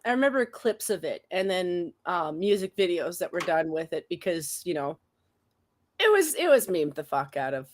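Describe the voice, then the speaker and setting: A woman co-hosting a casual talk show, chatty and animated, often laughing as she talks. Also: fairly low pitch, normal speed. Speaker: show co-host. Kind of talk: casual chat.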